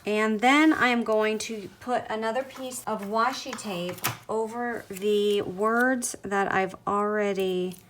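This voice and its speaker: A woman demonstrates a paper craft step by step, chatting as she works and gushing over the cute results. Her voice sits at a comfortable middle pitch. A faint background hiss runs under the recording. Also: a bit bright.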